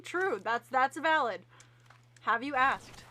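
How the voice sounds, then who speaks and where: A woman's voice: fairly high pitch, expressive, a little slow, pushed and bright, a little hiss or hum. A young woman chatting playfully with friends while streaming a game. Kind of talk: casual gaming stream chat.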